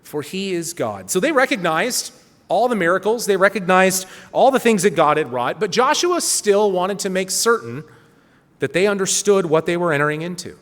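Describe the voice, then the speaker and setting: A man's voice: high-pitched, expressive, moderate pace, a bit bright. Man preaching in a reverberant hall. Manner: earnest, reads scripture aloud with rising emphasis. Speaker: speaker giving a sermon. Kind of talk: sermon with scripture reading. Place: church hall.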